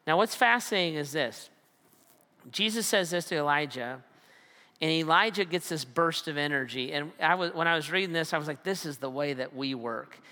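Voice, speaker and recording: Animated pastor guy preaching, acts out voices, bright crisp tone. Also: fairly high pitch, fairly quick. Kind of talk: sermon. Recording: long hall reverb.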